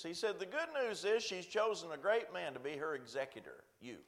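A man's voice: fairly high pitch, big pitch swings, moderate pace, hardly any pauses, a bit bright. A middle-aged man, a pastor, telling a long personal story in a sermon, folksy and self-deprecating, acting out the other voices he quotes.

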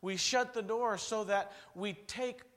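A man preaches a revival sermon, telling stories dramatically and swinging between loud bursts and hushed lines. His voice sits high and he speaks slowly.

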